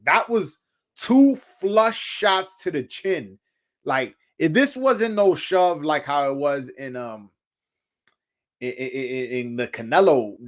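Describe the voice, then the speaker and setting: A man's voice: fairly high pitch, a bit bright. A man, hosting a casual boxing talk stream and rambling with lots of fillers and slang. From Brooklyn, New York. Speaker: boxing show host. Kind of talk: casual livestream chat.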